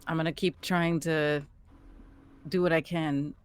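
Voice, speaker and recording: A woman playing a tabletop role-playing game, talking hesitantly and thinking out loud. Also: low voice, steady tone, a little slow, smooth. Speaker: player. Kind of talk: casual tabletop play.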